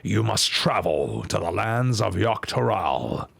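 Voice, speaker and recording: A man voicing a stately old two-headed lizard king in a deep, grave robot-hero style for a game. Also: sing-song, gravelly, fairly bright tone, husky, no echo, full character voice. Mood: commanding. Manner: slow, grave pronouncements. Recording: faint game music behind. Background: faint game music.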